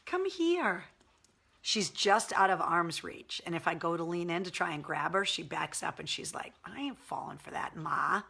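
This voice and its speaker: A woman's voice: fairly low pitch, expressive, moderate pace, creaky, bright, forceful tone, slightly rough. A woman hosting a casual livestream, chatting candidly and swearing cheerfully as she answers viewer comments. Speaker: livestream host. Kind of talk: casual live chat reading viewer comments.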